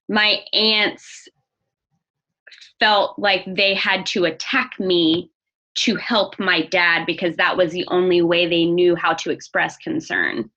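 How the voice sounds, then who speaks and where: Bright earnest young woman, candid interview guest, slightly muffled lo-fi sound. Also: fairly low pitch. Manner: earnest, open, restarts often. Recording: dull lo-fi audio.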